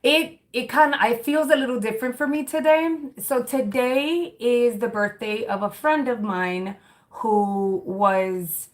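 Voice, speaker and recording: A woman's voice: on the high side, a little slow. A woman in her thirties hosting a livestream, chatting candidly and reading viewer comments, rambling with many fillers and restarts. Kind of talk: casual chat.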